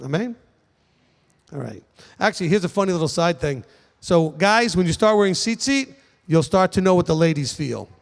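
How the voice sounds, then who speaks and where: A man's voice: high voice, expressive, moderate pace, gravelly, long reverb tail. A man teaching as a rabbi, speaking casually to a congregation and often checking in with "okay?". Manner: conversational, frequent "okay?" check-ins, emphatic. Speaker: rabbi answering questions.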